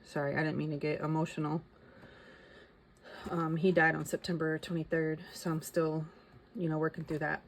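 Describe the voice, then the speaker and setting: A woman's voice: deep voice, level tone, moderate pace, pauses often, slight background noise. A middle-aged woman chatting casually as a vlogger, thinking aloud and reading out figures. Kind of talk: casual chat.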